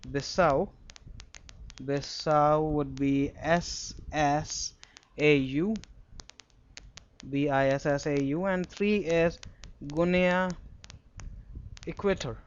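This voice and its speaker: A man's voice: fairly high pitch, muffled recording, slight background noise. Indian-accented man teaching from a map. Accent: Indian English. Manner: chatty, explains with memory stories and spells words out. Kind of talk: screen-recorded map lesson.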